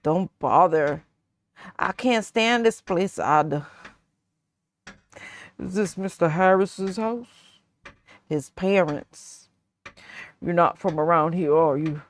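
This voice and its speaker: A woman's voice: fairly low pitch, takes it slowly, pauses often. A woman reading game lines as a guarded 38-year-old Southern housewife in an attempted Southern accent, drawling and curt. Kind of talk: reading game dialogue aloud.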